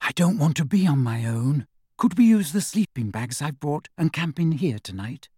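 Shrill anxious schoolgirl witch, voiced by a man. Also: very animated, normal speed, dark tone, breathy edge, no echo, studio quality. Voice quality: shrill, frightened.

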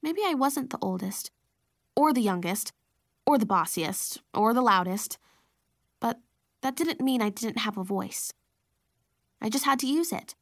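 A woman narrating a children's story in the first person, reflective and expressive. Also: on the high side, a little slow, vocal fry, long pauses. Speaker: audiobook narrator.

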